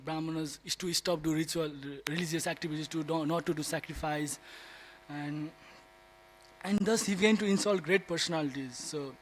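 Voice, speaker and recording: A man speaking at a devotee class, telling a story with animated delivery and frequent laughter. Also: on the high side. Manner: laughs often, animated, restarts words. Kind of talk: storytelling talk. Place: temple class room.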